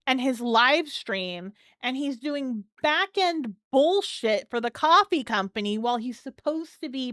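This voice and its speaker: A woman's voice: high voice, fairly bright tone, dry recording, clean studio sound. A woman hosting a live stream, chatting casually and thanking viewers as she comments. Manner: chatty, keeps thanking chat supporters.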